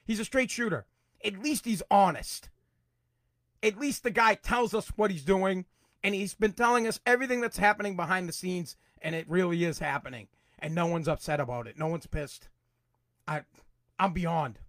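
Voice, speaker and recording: A man hosting his own podcast, ranting angrily about politics, swearing and repeating himself, at times breaking into shouts. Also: sits high, moderate pace, no echo, clean studio sound. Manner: angry, profane, repetitive, shouts in bursts. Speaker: podcast host. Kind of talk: political rant.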